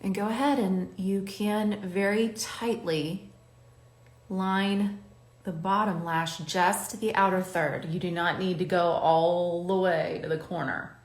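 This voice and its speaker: A woman with a lowish voice talks slowly and steadily while doing her own makeup on camera, chatting with the viewer and coaching them through a tutorial. The recording is reverberant.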